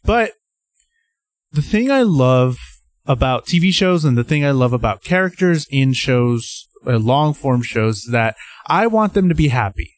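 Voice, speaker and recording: A man co-hosting a podcast in casual chat, rambling and excitable, sometimes jumping way up in pitch. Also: a little slow, dry recording. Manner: rambling, excitable, jumps to high pitch when acting out his own thoughts. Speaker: podcast co-host.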